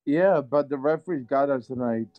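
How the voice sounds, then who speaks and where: A man calling into a sports podcast, talking in halting starts and repeating himself, his hand over the microphone. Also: mid-range voice, no room sound. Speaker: call-in guest. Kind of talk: casual chat. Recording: muffled, dry call audio.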